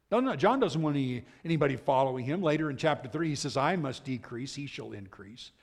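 A man preaching a sermon as pastor, swinging between loud emphatic lines and hushed asides. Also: on the high side, gravelly. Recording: long hall reverb.

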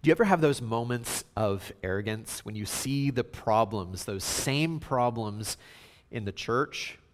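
A man preaching a sermon, swinging between hushed, slow passages and loud, emphatic outbursts. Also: mid-range voice, expressive, in a large hall. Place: church sanctuary.

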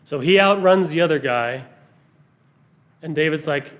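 A man preaching a sermon, earnest, pausing for emphasis as he reads scripture aloud. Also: on the high side, expressive.

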